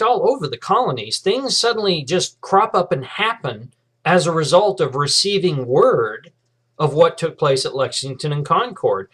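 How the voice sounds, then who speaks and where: Fairly high-voiced man giving a history lecture. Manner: relaxed, many fillers and restarts, acts out quotes. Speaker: history professor. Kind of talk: recorded lecture.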